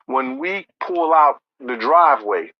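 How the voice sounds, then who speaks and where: A man recounting a story in profane street slang, acting out others' lines and rising to near shouts. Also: mid-range voice, lively intonation, measured pace, dry recording, lo-fi sound. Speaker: storyteller in an interview clip.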